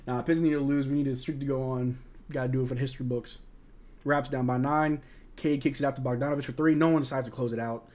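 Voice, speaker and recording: A man's voice: medium pitch, steady tone, fast talker, a little mellow. A young American man hosting a live game watch-along, reading out chat questions and reacting to plays as a frustrated fan in casual, slangy banter. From United States.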